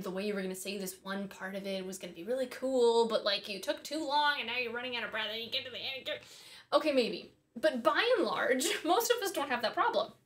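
A woman with a somewhat high voice gives a relaxed singing lesson. She talks in a friendly, conversational way and thinks out loud as she goes. She often breaks off for quick asides to her viewers. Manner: chatty and friendly, thinks aloud with small asides. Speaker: voice and harp teacher. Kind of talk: casual instructional talk.

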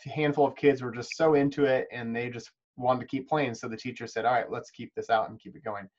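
A man with a medium-pitched, darkish voice leads a video call webinar on teaching chess to preschool teachers. He explains things in a friendly, encouraging, practical way, and his video call microphone cuts off the highs.

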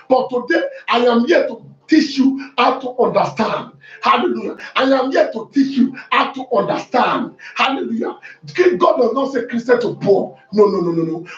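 A Nigerian pastor with a very high voice preaches fervently, breaking into shouts and repeating hallelujah. He sounds distant from the mic in an echoey room, the sound dull, with faint music behind. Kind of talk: sermon.

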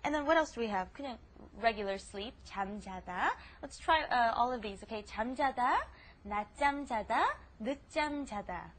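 A woman's voice: a little high, expressive, very fast, a little hiss or hum. A woman co-hosting a casual language lesson podcast, chatty and laughing as she explains patiently. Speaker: language teacher co-host.

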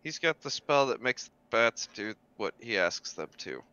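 A man's voice: medium pitch, big pitch swings, moderate pace, pushed and bright, clean tone. A man playing a tabletop game, joking and laid-back, over a dull, dry mic. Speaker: player. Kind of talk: casual tabletop game chat.

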